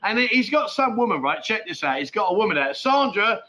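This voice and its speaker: A man's voice: high-pitched, big pitch swings, fairly quick, sharp tone, highs cut off. A man hosting a live stream chat show from home, rambling casually through viewer comments, swearing freely and laughing often. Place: at home with a dog nearby.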